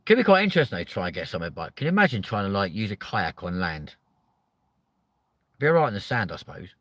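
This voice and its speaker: A man's voice: fairly low pitch, big pitch swings, fast, dry recording. A man hosting a comedic chat show, ranting and swearing constantly as he reacts to viewer comments. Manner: loud exasperated outbursts. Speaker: host.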